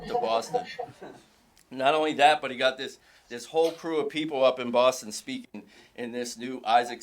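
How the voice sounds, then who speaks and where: Brief: middle-aged dad, mid-range voice, relaxed anecdotal eulogy, light chuckles. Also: male voice, mid-range voice, slight background noise. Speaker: father giving a eulogy. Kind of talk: informal memorial eulogy. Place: funeral home service.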